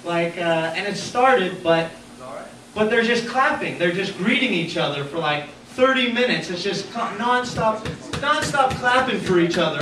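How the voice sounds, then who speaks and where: A young man with a high-pitched voice working an open-mic crowd, rambling and self-deprecating and leaning on fillers. He is recorded from across an echoey gallery room. A noisy room hum sits under his voice. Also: animated, normal speed, sharp tone. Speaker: stand-up comedian at an open mic. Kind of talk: stand-up comedy set. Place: small art gallery, indoors. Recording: echoey gallery room, far camera, audible room noise.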